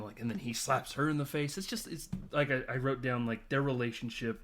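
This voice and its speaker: Man, podcast host, casual, animated, laughs a lot, acts out lines. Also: mid-range voice, fairly quick, slight background noise. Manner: animated, acts out character lines in mimicking voices; laughs often, lots of "like" and "uh". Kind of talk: casual film recap chat.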